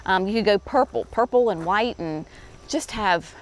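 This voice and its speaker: A woman's voice: mid-range voice, moderate pace. A woman hosting a casual walkthrough of a plant nursery, chatty and enthusiastic, saying "y'all". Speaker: garden center host.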